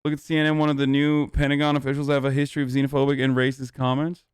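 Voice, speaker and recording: A man's voice: mid-range voice, completely flat delivery, very fast, clear, resonant tone, dry recording, clean studio sound. A man reacting to clips on a live stream, with brash, profane, joking commentary.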